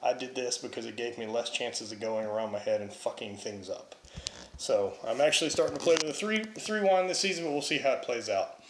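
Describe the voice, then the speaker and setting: A young man answering viewer questions about Highland Games throwing and training in a blunt, offhand way with casual swearing. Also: lively intonation, brisk, reverberant, slight background noise. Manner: blunt, profane, offhand, reads questions aloud then answers. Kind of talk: casual Q&A vlog.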